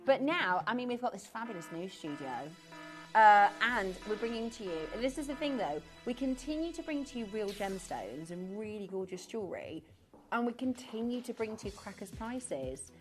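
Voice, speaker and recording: Bubbly, lively woman presenter. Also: mid-range voice, normal speed, soft background music. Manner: chatty, bubbly, giggly. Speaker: shopping channel presenter. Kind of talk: live TV shopping chat. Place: TV studio.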